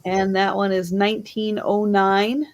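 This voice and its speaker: A woman hosting a live online sale, showing items slowly and admiringly and counting down the bidding. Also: medium pitch, little pitch movement, highs cut off. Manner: slow, admiring, auctioneer-style counting.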